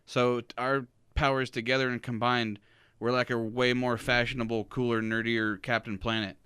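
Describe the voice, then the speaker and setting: A man's voice: mid-range voice, level tone, moderate pace, pushed and bright, clear, resonant tone. A young man co-hosting a podcast, full of jokey, over-the-top banter. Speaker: podcast co-host. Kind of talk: casual chat.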